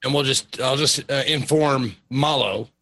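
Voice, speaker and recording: A man taking part in a tabletop role-playing game as a player. He speaks casually and hesitantly, groping for words and stacking up fillers as he works out what to say. His pitch is ordinary and middling. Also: measured pace, sharp tone.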